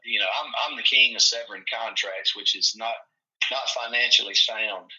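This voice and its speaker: A man from Tennessee who coaches football spins long, folksy stories and acts out what people said. His voice sits a bit low yet sounds sharp and forceful. The recording is dull and lo-fi. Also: normal speed. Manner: folksy, animated storyteller acting out quotes. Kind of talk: casual storytelling chat.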